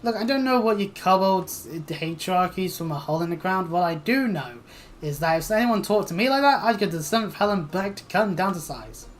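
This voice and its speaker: A woman voicing a blunt, rough-talking adventuring woman who scolds with old-fashioned "ye" speech. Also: on the low side, expressive, fairly quick, slight background noise, lightly acted. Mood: brash. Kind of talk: reading game dialogue aloud.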